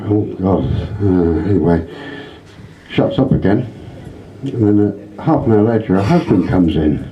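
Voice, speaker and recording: A man telling earthy jokes at a pub talent night, lively and animated, in a dull lo-fi recording. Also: sits low, moderate pace, slight background noise. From England.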